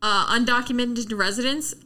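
Bright-voiced heated woman co-host. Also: on the high side. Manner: heated, talks fast and laughs often. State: sunburnt. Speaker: podcast co-host. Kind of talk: casual political chat.

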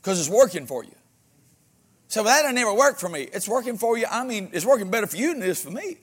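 A man preaching a sermon as pastor, with folksy humor and frequent amens, swinging between loud exhortation and quiet asides. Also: high-pitched, sing-song, quick pace, slightly rough.

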